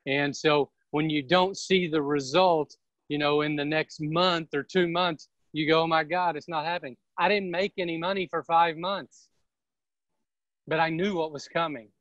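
A man, a real estate team leader, giving an energetic and emphatic motivational seminar talk. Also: on the high side, no room sound, muffled recording.

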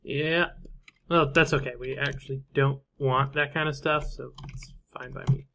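A man's voice: medium pitch, steady tone, moderate pace, vocal fry, pushed and bright. A man casually commentating his own strategy game play, thinking aloud and trailing off with fillers and half-finished thoughts. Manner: musing to himself, trailing off with fillers. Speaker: gameplay commentator.

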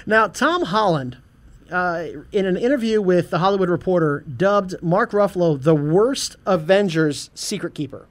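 A man hosting a casual geek news podcast, animated, laughing often and stumbling over his words. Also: sits high, normal speed. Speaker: podcast host.

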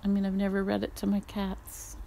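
A woman recording a casual spoken diary at home, musing softly and often dropping to a whisper. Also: medium pitch, completely flat delivery, brisk, creaky, a little hiss or hum. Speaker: podcast host. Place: home in Northern California.

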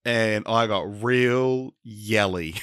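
A man co-hosting a casual podcast, his voice hoarse and a bit worn. He tells stories in an animated way and laughs often, recorded dry and close. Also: fairly low pitch, very slow, dry recording. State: hoarse from yelling the night before. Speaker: podcast co-host.

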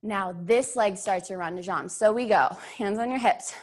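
A woman's voice: mid-range voice, moderate pace. A young woman teaching a beginner ballet class, a little out of breath, cueing steps, counting beats and checking in with her students. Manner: encouraging, counts beats aloud, checks in with "yeah?". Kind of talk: online dance class instruction.

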